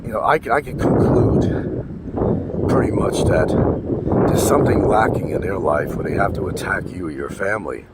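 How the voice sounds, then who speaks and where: A man's voice: low-pitched, big pitch swings, normal speed. A man ranting in a casual vlog, blunt and profane, repeating his points for emphasis. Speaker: vlogger. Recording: wind noise and traffic outdoors.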